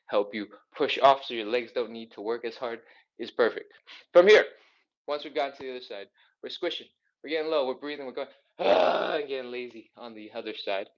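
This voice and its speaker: Heard through lo-fi sound, a man with a medium-pitched voice runs a live stretching class people can follow along with. The mobility instructor counts reps cheerfully and encouragingly, a little out of breath from the exercise.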